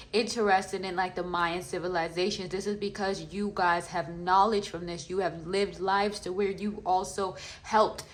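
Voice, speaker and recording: A woman's voice: medium pitch, a bit bright, low-quality recording. A woman giving a pick-a-card tarot reading to her viewers, chatty and reassuring, with many fillers. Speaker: tarot reader.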